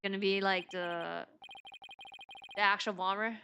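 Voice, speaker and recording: A woman's voice: fairly high pitch, moderate pace, a bit bright, slight background noise. A woman streamer giving casual, playful commentary while playing a game. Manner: chatty, laughs often, playful asides.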